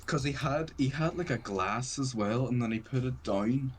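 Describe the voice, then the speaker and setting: A man's voice: mid-range voice, normal speed, a little hiss or hum. A man chatting on a casual live stream, telling a story in a rambling way with lots of "like". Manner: rambling storyteller, many fillers of "like".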